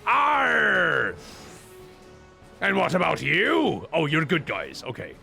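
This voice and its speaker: Man, gameplay commentary, crude jokes, gravelly, bright, lively pitch, faint music behind. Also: moderate pace. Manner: crude joking asides. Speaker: gamer and voice dubber.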